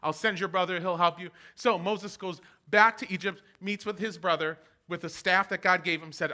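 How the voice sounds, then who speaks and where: A man giving a casual sermon for an online church service, retelling a Bible story in a chatty, animated way. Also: high voice, normal speed, hardly any pauses. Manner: chatty, animated storytelling with playful quoted voices. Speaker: pastor.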